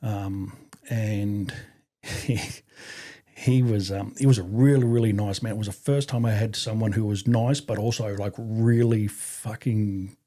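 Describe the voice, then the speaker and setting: A man's voice: fairly low pitch, fairly even intonation, measured pace, mellow. A man with an Australian accent, a podcast guest and army veteran, telling stories casually and swearing freely. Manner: swears freely, acts out others with a raised voice. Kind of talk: casual storytelling.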